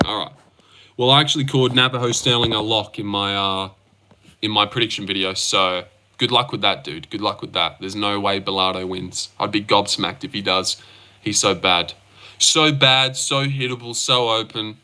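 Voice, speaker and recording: A man's voice: mid-range voice, lively intonation, normal speed, bright, forceful tone. A young Australian man hosting a livestream, reading out chat and reacting in loose, slangy talk. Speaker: livestream host.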